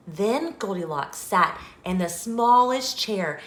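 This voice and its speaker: A woman hosting a children's channel, reading a picture book aloud with slow, expressive storytelling. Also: on the low side. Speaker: children's story reader and host. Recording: echoey room.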